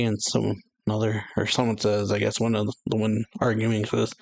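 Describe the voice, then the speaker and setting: A man's voice: fairly low pitch, completely flat delivery, normal speed, creaky, few pauses, a little mellow. A man hosting a reaction channel, reading a manga chapter aloud in casual chat, stumbling and correcting himself, chuckling at his slips. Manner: reads aloud with frequent restarts and self-corrections. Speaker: anime reaction channel host. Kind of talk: casual manga read-through.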